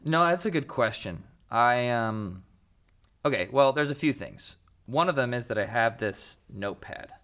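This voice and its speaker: A young man talking as a podcast guest in easy, animated stretches, laughing and slipping into little acted-out voices. His pitch sits in the middle for a man. It is casual chat, not a prepared talk. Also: a little slow.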